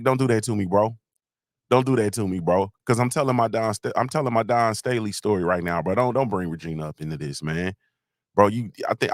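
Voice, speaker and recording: A man's voice: lowish voice, no room sound, clean studio sound. A man hosting a live show, telling a loose, slangy story and checking in with listeners again and again. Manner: rambling and slangy, keeps asking "you feel me?". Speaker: host of a live motivational show. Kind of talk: casual storytelling on a livestream.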